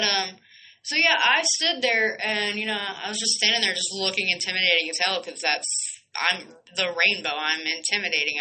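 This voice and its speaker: A woman's voice: medium pitch, bright, forceful tone, slight background noise, rough recording. A young woman, hosting a podcast and telling a rambling personal story full of fillers and asides. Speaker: podcast host. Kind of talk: casual storytelling monologue.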